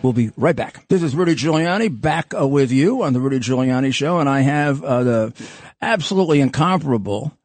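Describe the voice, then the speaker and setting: Older New man hosting a chat show, lively pitch, animated and quick to laugh. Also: no echo. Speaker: talk show host. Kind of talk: casual political talk show.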